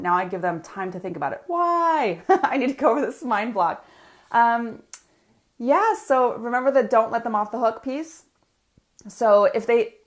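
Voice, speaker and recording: A woman business coach, talking energetically to viewers in a live coaching session and reading out their comments. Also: mid-range voice.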